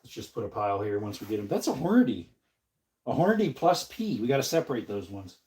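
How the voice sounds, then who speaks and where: Young male streamer, congested and sniffling, relaxed casual chat in an ordinary mid-range voice. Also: medium pitch, fast talker, slight background noise. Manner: easygoing, reads chat aloud and answers. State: stuffed-up nose, sniffling. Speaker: livestream host. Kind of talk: casual livestream chat while working.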